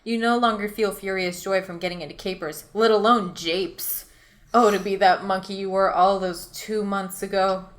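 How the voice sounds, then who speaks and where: A woman's voice: medium pitch, fairly even intonation. A woman hosts and narrates her own choose-your-own-adventure tale in a medium voice. She reads in a headlong rush and keeps cracking up at her own writing. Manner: rapid reading, often breaking into laughter at her own lines. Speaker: host and storyteller.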